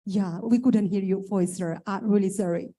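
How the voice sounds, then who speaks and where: A woman's voice: mid-range voice, steady tone, normal speed, dark tone. Polite woman moderating a conference. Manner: polite, apologetic, repeats herself. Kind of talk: hosting an online conference.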